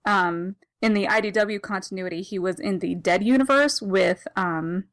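Here is a woman co-hosting a podcast, her pitch sitting right in the middle of the usual range. She talks casually, laughs a lot and rambles into self-corrections. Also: normal speed. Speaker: podcast co-host. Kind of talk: casual comic discussion.

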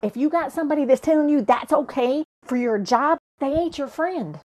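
A woman's voice: high-pitched, normal speed, a little mellow. Fired-up woman podcast host, preaching. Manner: fired-up, preachy, profane, talks straight to listeners. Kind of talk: motivational podcast monologue.

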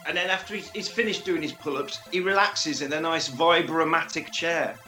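A man co-hosting a podcast, recapping a film in casual chat with animated, joking retelling and acted-out quotes. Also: a little high, normal speed, soft background music. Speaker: podcast co-host.

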